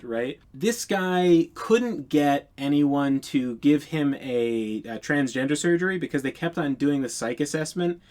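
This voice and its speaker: A young man telling a casual storytime anecdote in a blunt, profane, incredulous way. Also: on the high side.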